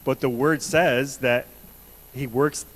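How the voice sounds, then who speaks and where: A man's voice: medium pitch, steady tone, takes it slowly, low-quality recording. A man preaching a conversational sermon in a church, earnestly repeating questions to the congregation. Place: church sanctuary.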